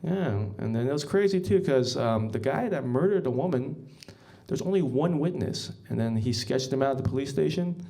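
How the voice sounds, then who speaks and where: A man doing a stand-up set on a club stage, telling rambling, deadpan stories full of ums and asides to the crowd. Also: mid-range voice, normal speed, gravelly, hardly any pauses. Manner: rambling deadpan storytelling with many ums, often says "guys". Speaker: stand-up comedian.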